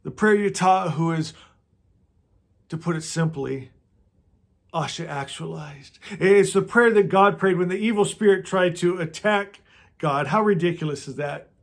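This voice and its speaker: Spiritual teacher, male, higher-voiced, unhurried; leads prayer in a soft, repetitive, meditative way. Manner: slow, meditative, often repeats words and trails off softly.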